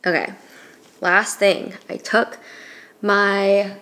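A young adult woman chatting at home in a casual vlog, gushing excitedly and filling her talk with fillers. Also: mid-range voice, drawn-out words. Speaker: vlogger. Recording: roomy echo, faint noise.

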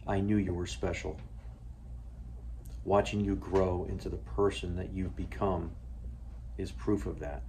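Father, very low and gravelly, flat delivery, earnest recorded message. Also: slight background noise.

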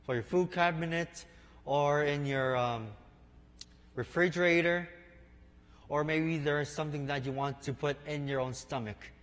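Man, preacher, sermon, fairly high voice, slow, echoing church hall. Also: steady tone, a bit bright. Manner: unhurried storytelling preaching, addresses listeners as "my friends". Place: church sanctuary. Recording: long reverb of a large hall.

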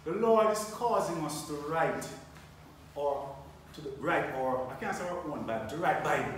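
A man's voice: a little high, expressive, moderate pace, slight background noise. A man preaching a sermon, repeating phrases and asking the congregation rhetorical questions. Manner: repetitive, rhetorical questions, call-and-response. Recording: very echoey, from a distance.

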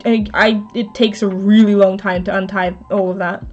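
Over faint background music and slightly dull stream audio, a woman with a mid-range, darkish, level voice talks at a normal speed. She crafts live on stream, chatting casually, thinking aloud and responding to her chat.

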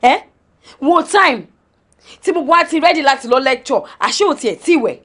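An actress with a Nigerian accent playing a bossy female roommate who nags briskly. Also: on the low side, a little mellow, a little hiss or hum, lightly acted. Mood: nagging. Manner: nagging and brisk.

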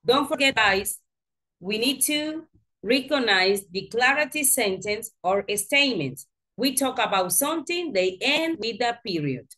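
Woman teacher, slow patient grammar explaining, high-ish voice, really animated pitch. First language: Spanish. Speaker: English teacher. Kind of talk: online grammar lesson. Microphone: video call.

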